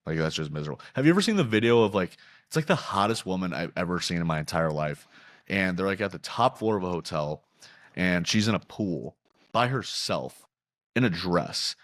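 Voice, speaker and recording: Deep-voiced young man, dry close sound. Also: no echo. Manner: profane, animated storytelling with quick asides. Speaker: podcast host. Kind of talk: casual sports betting chat.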